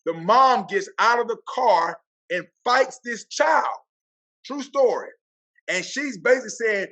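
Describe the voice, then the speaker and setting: High, bright-voiced storyteller man. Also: unhurried. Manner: lively, acts out quotes. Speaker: athletic director, podcast guest. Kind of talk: animated storytelling.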